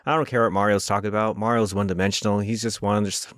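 A man hosting a podcast, joking and riffing quickly in casual chat. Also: lowish voice, flat delivery, dry recording, studio quality. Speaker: podcast host.

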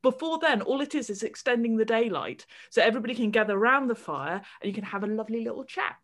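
Animated woman podcast host. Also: on the high side, quick pace. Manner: animated, enthusiastic explaining. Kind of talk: casual podcast chat.

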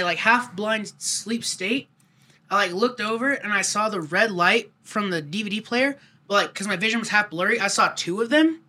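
A young man casually telling a rambling, profane childhood story to friends. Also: sits high. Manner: rambling, profane, animated retelling.

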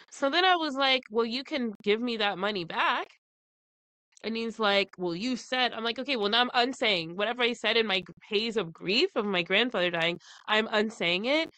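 Bright, animated woman telling a story. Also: a little high, moderate pace, no echo. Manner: animated retelling with quoted dialogue and frequent laughs. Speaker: podcast co-host. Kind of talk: casual chat, storytelling.

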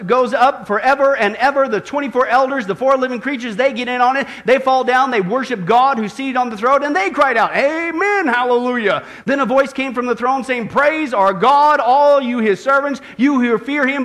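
A male pastor preaching with fervent energy, his voice strikingly high for a man. The tone is bright and forceful, and he swings from hushed confiding asides to shouted hallelujahs. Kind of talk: sermon.

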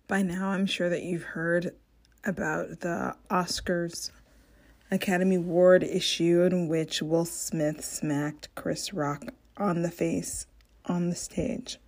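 Slow-paced and casual, a young adult woman hosts a solo podcast recorded on a home podcast mic. She chats in an animated way, uses lots of fillers and self-corrections, and dramatizes her own reactions with large jumps in pitch.

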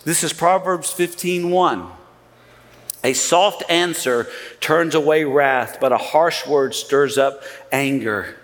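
A man preaching a sermon as pastor, animated and acting out the voices he quotes. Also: fairly high pitch, slow. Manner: animated, acts out quoted voices, repeats words when restarting. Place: church hall. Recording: long hall reverb.

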